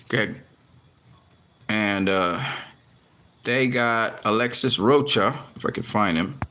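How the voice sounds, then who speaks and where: A man's voice: lowish voice, takes it slowly, sharp tone, smooth. Fed-up man ranting to his camera. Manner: frustrated, heavy swearing, many restarts. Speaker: boxing commentary vlogger. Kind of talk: casual talk to camera.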